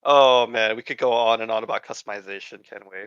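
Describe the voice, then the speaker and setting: A man co-hosting a casual gaming podcast, excitable and quick to exclaim. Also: lowish voice, clear, resonant tone, highs cut off. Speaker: podcast co-host.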